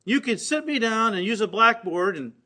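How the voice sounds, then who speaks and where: A man preaching a sermon in an earnest tone, building to emphatic points and dropping to grave, quiet passages. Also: high-pitched, animated, moderate pace.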